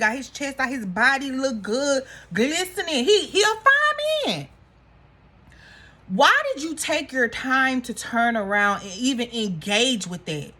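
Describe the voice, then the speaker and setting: A woman casually recapping a reality show episode, gossipy and animated, acting out what the cast said. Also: sits high. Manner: animated, gossipy, acts out quotes.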